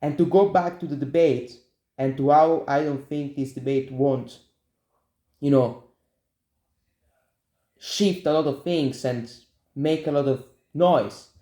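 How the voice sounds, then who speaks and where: A young man whose first language is Italian hosts his own show, offering blunt, repetitive political opinions in casual commentary aimed straight at his viewers. His voice is a little high and warm, and he speaks slowly with frequent pauses in a reverberant space.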